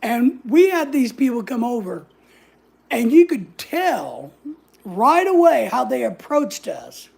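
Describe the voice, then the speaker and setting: A husky woman tells a story in a casual vlog, sassy and blunt, swearing freely. Her voice has a gravelly edge, and it sits a little high. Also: very animated, slow pace, darkish tone. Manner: sassy, blunt, swears freely, acts out other people's lines. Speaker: vlogger.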